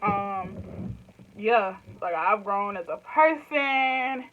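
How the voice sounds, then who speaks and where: Drawing out her words in an animated, medium-pitched voice, a Southern US woman in her twenties chats casually to camera as a YouTuber. She rambles loosely and laughs often, and the sound is lo-fi.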